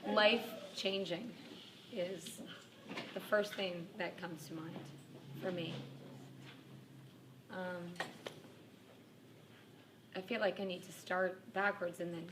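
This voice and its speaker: Slow-talking woman recorded from afar. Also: lowish voice, noisy background. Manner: chatty storyteller who laughs often at herself. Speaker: workshop participant giving a testimonial. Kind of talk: casual personal testimonial to a group. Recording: distant mic with room ambience.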